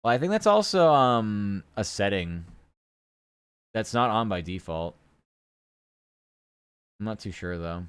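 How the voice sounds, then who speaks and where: A man's voice: fairly low pitch, expressive, slow pace, pauses often, fairly bright tone, clear, resonant tone, dry recording. A young man chatting casually on a live stream while he works, often muttering to himself.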